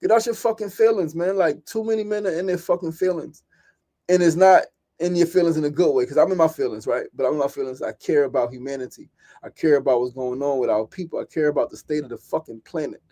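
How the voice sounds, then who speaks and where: A man's voice: fairly high pitch, fast, mellow. A man hosting a podcast, giving an impassioned solo monologue, swearing and repeating phrases. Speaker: podcast host.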